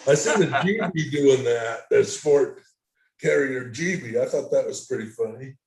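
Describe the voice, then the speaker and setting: A man's voice: mid-range voice, expressive, moderate pace, creaky, a crowd in the background. Easygoing man in an echoey workshop. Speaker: hobbyist guest. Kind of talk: casual video call chat. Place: home workshop. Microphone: video call.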